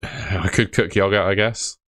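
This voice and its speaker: Deep-voiced young man, casual stream host. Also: steady tone, unhurried, a bit bright, no room sound, studio quality. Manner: offhand, matter-of-fact, calls viewers mate. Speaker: fantasy football livestream host. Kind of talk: casual livestream chat reading viewer questions.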